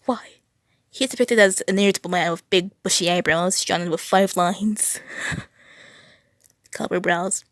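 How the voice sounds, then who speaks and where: A woman's voice: fairly low pitch, fairly even intonation, measured pace, pauses often, fairly bright tone, dry recording. A young adult woman reading text aloud, often tripping over words and correcting herself, with exasperated asides. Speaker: video creator.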